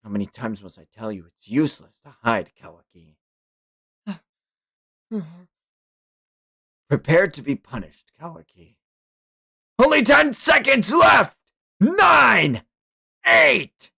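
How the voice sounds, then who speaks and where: A man's voice: mid-range voice, lively intonation, measured pace, pauses often, breathy edge. A man voicing an arrogant, ancient male villain god who talks with contempt and barks commands. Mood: cold menace.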